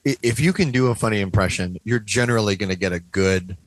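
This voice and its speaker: A man's voice: on the low side, quick pace, dry recording, low-quality recording. A man co-hosting a comedy podcast, wry and teasing in casual chat, sometimes stumbling over words. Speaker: podcast co-host.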